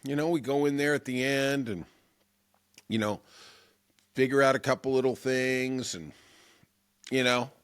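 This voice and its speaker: A man's voice: mid-range voice, steady tone, a little slow, long pauses, clear, resonant tone. A middle-aged man hosting a political podcast, rambling through a jokey, self-mocking monologue. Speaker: podcast host. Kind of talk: casual comic monologue.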